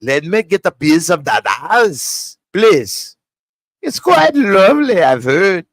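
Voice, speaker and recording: A man voicing a prim, flustered nerdy young man who speaks in a high, fussy and proper way. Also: big pitch swings, takes it slowly, dry recording, full character voice, poor audio. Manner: high, fussy and proper, repeats "quite lovely".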